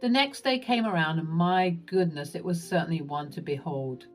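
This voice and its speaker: A woman narrating a first-person drama story in an expressive, dramatic storytelling manner. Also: on the low side, moderate pace, soft background music.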